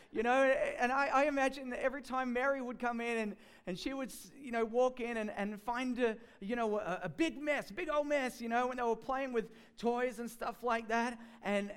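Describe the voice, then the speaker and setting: A man's voice: extremely high pitch, clear, resonant tone. A man preaching a sermon in a chatty storytelling way, with many fillers and restarts.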